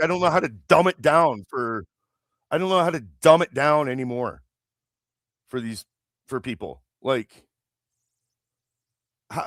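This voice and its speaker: A man's voice: mid-range voice, a bit bright, no echo, clean studio sound. A man hosting a live stream, delivering an angry, heavily profane political rant into a streaming mic. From Canada. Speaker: livestream host.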